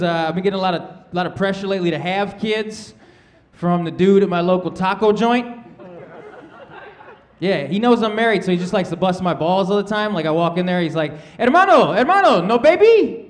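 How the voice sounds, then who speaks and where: A man in his thirties doing a stand-up comedy set on stage, laid-back and conversational, often tossing in "man" and "right?". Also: fairly high pitch. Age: 30s. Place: comedy stage before a live audience.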